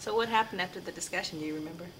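A woman's voice: lowish voice, racing, background noise. A woman conducting an oral history interview, asking curious, brief prompting questions.

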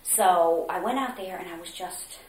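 A woman from Mexico being interviewed, earnestly recounting a story, acting out quotes with hesitant pauses. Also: on the low side, a little mellow. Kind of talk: oral history interview. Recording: roomy echo, faint noise.

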